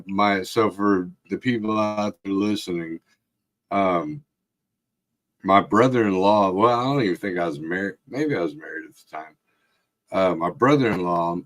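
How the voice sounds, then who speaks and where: A man casually telling a rowdy story, swearing constantly and jumping into other people's voices as he goes. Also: sits low. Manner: profane, animated retelling with voiced quotes. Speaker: podcast co-host.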